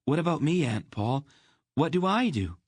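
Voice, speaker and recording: A man's voice: a little high, big pitch swings, normal speed, husky, dry recording, clean studio sound, voice pushed up. A man voicing an earnest young farm boy who sounds pleading and incredulous.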